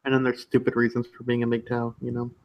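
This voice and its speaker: A man's voice: mid-range voice, monotone, quick pace, dull audio. Laughing, gossipy man in stream chat. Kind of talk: casual chat on a livestream.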